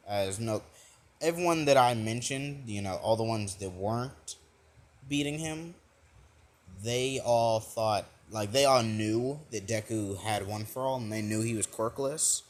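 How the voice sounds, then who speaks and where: A man's voice: lowish voice, unhurried, a little hiss or hum. A young man improvising a fan-fiction retelling, rambling with lots of fillers and restarts. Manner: rambling, full of "like" and "you know", restarts. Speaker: fan storyteller.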